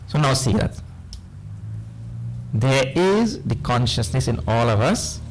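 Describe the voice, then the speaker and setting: A man with a Trinidadian accent giving a spiritual discourse to a live audience, animated and often quizzing his listeners. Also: mid-range voice, slow, a little hiss or hum, rough recording. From Trinidad and Tobago. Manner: animated, questioning listeners, playful asides. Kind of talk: lively lecture on scripture.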